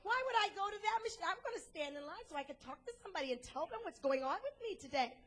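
A woman's voice: very high voice, expressive, fast talker, fairly bright tone. A woman preacher voicing a chatty, stubborn little old lady in a plainspoken, matter-of-fact way.

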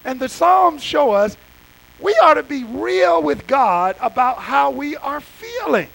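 High, gravelly preacher man. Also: sing-song, slow, fairly bright tone, rough recording. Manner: impassioned, conversational preaching with folksy asides. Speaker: pastor. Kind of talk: sermon.

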